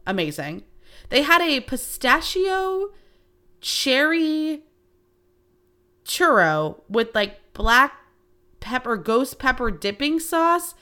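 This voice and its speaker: A woman around thirty hosting a podcast, telling stories in a casual, animated way and swearing freely. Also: sits high, takes it slowly, pauses often. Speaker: podcast host. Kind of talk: casual storytelling chat.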